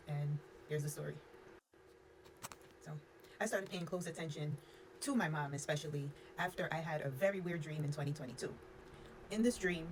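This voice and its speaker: A woman's voice: deep voice, noisy background. A young adult woman telling a personal storytime in a frank, unfiltered way, with lots of "like" and some cussing. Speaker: storyteller vlogger. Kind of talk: casual storytime.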